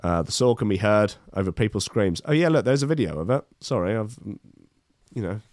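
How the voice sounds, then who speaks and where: A man's voice: on the low side, expressive, fairly quick, a little mellow, dry recording, studio quality. A man reading news articles aloud and commenting on them casually, with sardonic, rambling asides.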